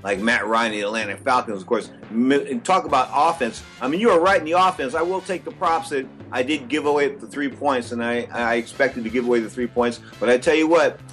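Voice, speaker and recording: A man's voice: mid-range voice, brisk, hardly any pauses, a bit bright, faint music behind. A man hosting a sports radio show in casual chat, brash and opinionated, rambling through his points. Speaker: radio sports talk host.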